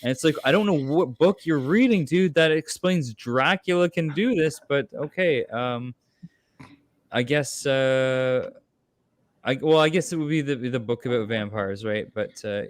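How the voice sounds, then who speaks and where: A man's voice: medium pitch, unhurried, dry recording. A man hosting a casual movie chat, rambling with lots of fillers and restarts. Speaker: podcast host.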